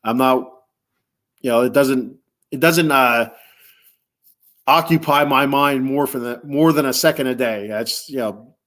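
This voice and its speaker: A man's voice: mid-range voice, measured pace, pauses often, a bit bright. A man hosting a casual solo podcast, rambling through a list of favorite foods with relish and chuckling to himself. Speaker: podcast host.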